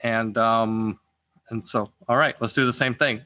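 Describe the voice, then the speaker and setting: A man's voice: medium pitch, steady tone, measured pace, sharp tone. A man directing a voice-acting session in a casual, encouraging way, restarting his sentences often.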